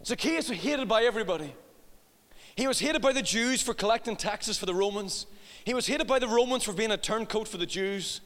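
In a hall with lengthy reverb, a middle-aged pastor preaches with a high-pitched, slightly bright, animated voice at a fairly quick clip. His sermon includes a humorous story about his family, complete with acted-out voices and laughter at his own jokes.

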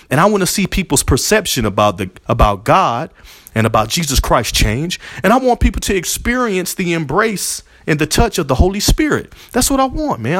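Emotional and preacherly, the host of a religious podcast repeats himself as he thanks listeners in heartfelt talk. His voice is on the high side and fairly bright, in a dry recording with clean studio sound.

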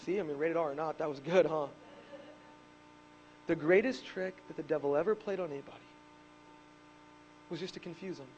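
A man in his thirties preaching a sermon as pastor, telling stories animatedly and rising to shouts on key points. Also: a little high, fairly quick, long pauses, muffled recording, a little hiss or hum. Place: church.

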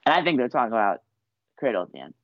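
In a dry recording with dull audio, a young male wrestler in his twenties tells his story to an interviewer, laid-back, rambling and full of fillers. His mid-range voice is gravelly and sing-song, racing along.

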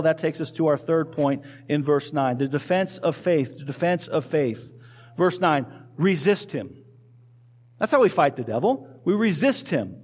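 A male pastor preaches a sermon in church, speaking conversationally, putting questions to the congregation and repeating key phrases. His voice sits on the high side and is a little mellow.

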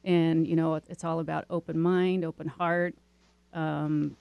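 A woman's voice: low-pitched, little pitch movement, a little slow, creaky, clean tone, dry recording, muffled recording. Chatty woman with a dry, close sound. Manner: chatty, with many fillers and restarts. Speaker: interview guest. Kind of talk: casual storytelling.

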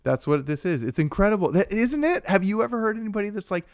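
A young man co-hosting a live-streamed podcast, chatting casually in a rambling, excitable way while he answers viewers. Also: high voice, quick pace, hardly any pauses, clear, resonant tone, no echo, clean studio sound. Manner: rambling and excitable, with frequent restarts and asides to viewers. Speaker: podcast co-host.

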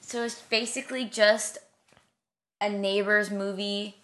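A woman's voice: mid-range voice, level tone, a little slow, a bit bright. A young woman in her twenties chatting casually as a co-host, gushing about things she loves in long rambling runs. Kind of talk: casual chat.

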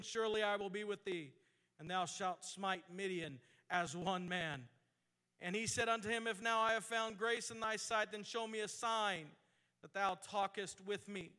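A man preaching a sermon, reading scripture slowly in old-fashioned wording and building to fervent exhortation. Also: high-pitched, sharp tone, clear, resonant tone, big-room sound. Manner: reads scripture in slow King James cadence, then builds to fervent exhortation.

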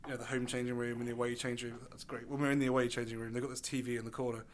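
Middle-aged British man, quick chatty podcast co-host, tells anecdotes. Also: medium pitch, flat delivery, a little hiss or hum. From England. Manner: quick, chatty storyteller, acts out voices. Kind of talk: casual chat.

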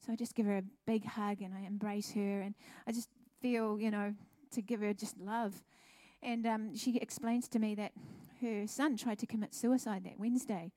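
A middle-aged woman, a pastor's wife, telling her testimony at a church service in a chatty, animated way. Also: mid-range voice, normal speed, hardly any pauses, no echo, clean studio sound. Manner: chatty, animated storytelling with laughs.

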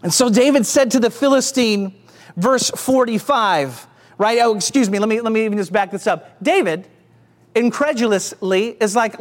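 A male pastor preaching a sermon, energetic and exclamatory, calling out to the congregation. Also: high voice, normal speed. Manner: energetic, exclamatory, call-and-response.

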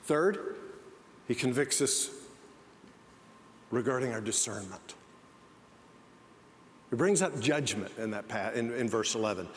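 A man's voice: mid-range voice, lively intonation, a little slow, pauses often. A man preaching a sermon as pastor, telling stories with frequent restarts. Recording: long hall reverb, faint noise.

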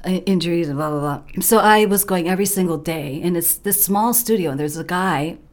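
A woman's voice: fairly low pitch, a little fast. A woman co-hosting a radio show, telling funny stories in casual chat and laughing often. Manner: animated storyteller, laughs often. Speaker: radio co-host.

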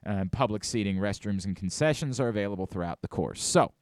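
A man's voice: lowish voice, expressive, a little fast, no echo, studio quality. A man hosting a radio show, chatting casually and reading contest promos with rising enthusiasm. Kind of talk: casual sports radio chat.

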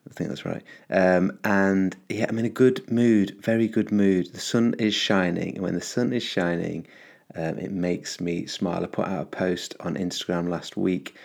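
Deep, gravelly upbeat man. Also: fairly even intonation, moderate pace, a little mellow. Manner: rambling, upbeat, many fillers and restarts. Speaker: podcast host. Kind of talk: casual solo podcast monologue.

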